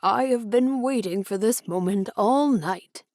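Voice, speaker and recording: A woman's voice: mid-range voice, a little slow, a little mellow, dry recording, studio quality, lightly acted. A woman doing a lecherous pushy nobleman. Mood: oily, pushy.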